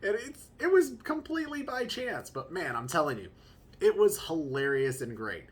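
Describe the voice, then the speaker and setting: A young man hosting a casual podcast as a new father, telling stories in a joking, chatty way with quick asides. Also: on the high side, big pitch swings, husky. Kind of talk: casual storytelling monologue.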